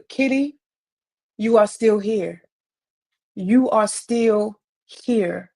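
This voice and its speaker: With a medium-pitched, slightly mellow voice, a woman answers viewer comments on her live stream. She speaks into a wireless earpiece and keeps things upbeat and encouraging, often repeating phrases for emphasis in motivational chat.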